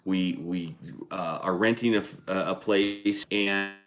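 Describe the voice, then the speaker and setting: Deep-voiced easygoing man, halting. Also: steady tone, fairly bright tone. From United States. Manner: halting, restarts and fillers, easygoing. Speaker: vlog co-host. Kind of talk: casual chat on a livestream.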